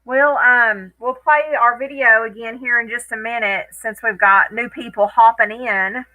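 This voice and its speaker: A woman's voice: on the high side, steady tone, a little slow, sharp tone, low-quality recording. A woman hosting a casual live stream from home, chatting with viewers by name and laughing often.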